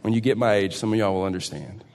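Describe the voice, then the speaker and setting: A pastor in his forties with a drawl preaches to his congregation. His delivery swings from loud, excited outbursts to quiet, earnest stretches. The voice rings with the long reverb of a large hall. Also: lowish voice, quick pace. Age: 40s. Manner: animated, swinging between shouts and hushed intensity. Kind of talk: sermon.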